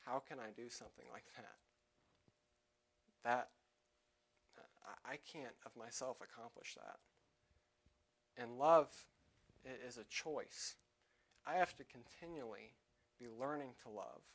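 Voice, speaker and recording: In church, a young man who serves as a lay preacher gives a sermon in a gravelly, medium-pitched voice. Scripture quotations come out loud, while his personal asides are softer and more hesitant.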